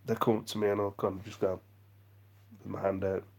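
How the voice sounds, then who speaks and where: A man's voice: fairly low pitch, little pitch movement, a little fast, gravelly, a little mellow. A man chatting on a live vlog stream, rambling and self-deprecating as he reads out viewer comments. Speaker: vlogger.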